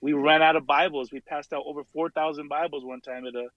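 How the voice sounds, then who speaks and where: A man's voice: a little high, steady tone, fast talker, no echo, muffled recording. A laid-back man talking casually as a podcast guest, peppering his speech with "dude" and "man". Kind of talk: casual conversation.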